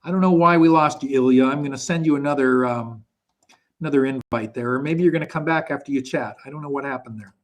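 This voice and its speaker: A man's voice: mid-range voice, fast. A man hosting a live online show, chatty and thinking aloud while he handles technical hiccups. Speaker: show host. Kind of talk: casual live-stream hosting. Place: Poland. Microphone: video call.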